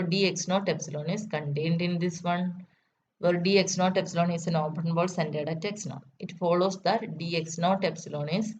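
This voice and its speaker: Woman lecturer, lower voice, dull recording. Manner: methodical, repeats key steps. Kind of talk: math lecture. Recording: dull lo-fi recording with faint noise.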